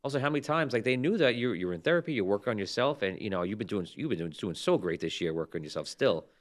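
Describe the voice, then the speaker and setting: A man with a New Jersey accent and a somewhat low voice co-hosts a podcast. He talks earnestly and haltingly to back up his friend, full of "like" fillers. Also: animated. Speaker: podcast co-host. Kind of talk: supportive casual chat.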